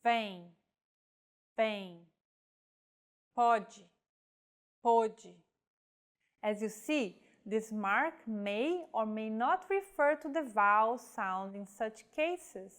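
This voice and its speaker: A woman teaches a scripted language lesson, pronouncing each example word slowly and with care. Her voice sits a little high, and she takes her time. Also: animated, fairly bright tone. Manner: careful, demonstrates example words one by one. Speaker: Portuguese teacher.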